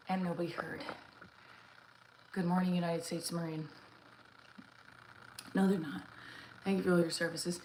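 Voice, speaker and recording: A woman's voice: lowish voice, steady tone, unhurried, long pauses, very noisy. Breathless woman livestreaming a workout. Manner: chatty, reads and thanks chat comments mid-workout. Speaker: livestream host. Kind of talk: casual live-stream chat while exercising. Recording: roomy echo with faint ambience.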